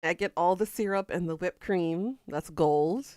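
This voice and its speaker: A woman streaming a game, chatting casually and joking bawdily with her chat. Her voice sits low and sounds smooth and clean. The sound is dry, with no room echo. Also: unhurried, a little mellow. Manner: playful, bawdy, reading out chat quotes with laughter.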